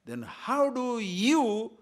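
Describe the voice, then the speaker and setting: A man's voice: extremely high pitch, big pitch swings, extremely slow. A man giving a discourse on scripture as a spiritual teacher, emphatic and full of rhetorical questions, sometimes chanting verses in Sanskrit.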